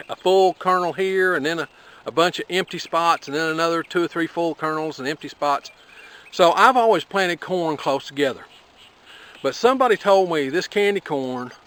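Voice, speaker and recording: A man explaining how he plants his corn in a relaxed, folksy step-by-step way, talking to the camera outdoors on his farm. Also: on the high side. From Appalachia. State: out of breath after planting. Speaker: homesteading vlogger.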